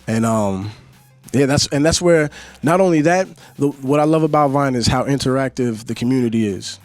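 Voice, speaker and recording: As a guest on a radio interview, this young Yonkers singer and Vine creator talks at a normal speed in a relaxed, slightly mellow mid-range voice, drifting loosely and filling pauses with "you know." Soft music plays in the background, with no room sound.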